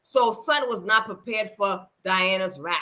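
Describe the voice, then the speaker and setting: A woman's voice: mid-range voice, normal speed. A woman hosting a reality TV review, chatting casually and bluntly. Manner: blunt, lively, acts out quotes. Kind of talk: casual chat.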